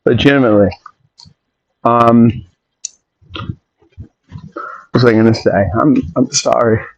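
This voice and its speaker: A man hosting a podcast in a casual rambling monologue, opinionated and quick to jump off on tangents and interrupt himself. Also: mid-range voice, steady tone, creaky, muffled recording. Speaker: podcast host.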